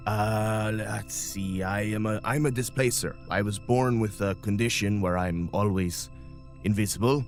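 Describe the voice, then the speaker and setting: A man's voice: lowish voice, a little slow, faint music behind. Earnest, polite medic, as a man voices him; lifted, courteous voice. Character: invisible male ship doctor, polite and earnest.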